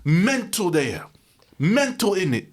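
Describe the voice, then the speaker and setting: A man's voice: high voice, very animated, a little slow, pitched above the performer's own voice. A man putting on a ranting London lad. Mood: exasperated. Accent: put-on London. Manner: repeats slang tags, ranting. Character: exasperated young British man, fed up.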